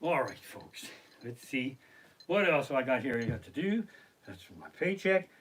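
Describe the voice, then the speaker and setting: Middle-aged male comic, bright lively voice, salty home-stream storyteller. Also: medium pitch, unhurried, slight background noise. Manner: profane, animated, acts out other people's lines. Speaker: stand-up comedian. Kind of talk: live-streamed stand-up storytelling. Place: living room at home. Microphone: basic home streaming mic.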